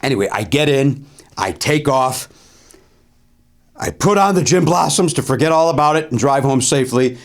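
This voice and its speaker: A middle-aged male comedian and host telling a story in a lively monologue, full of ums and uhs, pushing his voice up to stress the punchlines. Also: normal speed. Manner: animated, swings pitch up for emphasis, filler-heavy.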